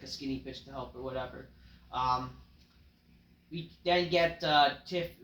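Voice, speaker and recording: A man's voice: a little high, bright, forceful tone, reverberant, low-quality recording. A man casually recapping a wrestling show in a rambling, offhand way, full of fillers.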